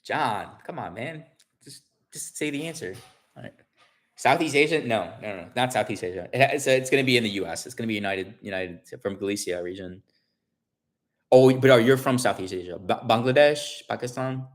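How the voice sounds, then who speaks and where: A man in his forties chatting casually to his livestream viewers, rambling, restarting often and telling an animated story. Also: lowish voice, a little fast. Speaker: livestream host.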